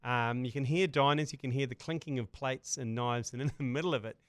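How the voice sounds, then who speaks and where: A man's voice: medium pitch, fairly bright tone, clear, resonant tone, no room sound. Joking New podcast host, man. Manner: jokey, storytelling, quick asides. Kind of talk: casual sports podcast banter.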